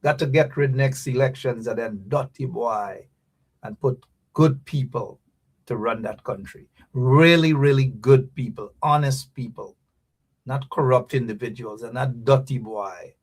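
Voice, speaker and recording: A man's voice: medium pitch, unhurried, slightly rough. A man with a Guyanese accent hosting a radio show, giving a mocking political commentary full of repeated taunts.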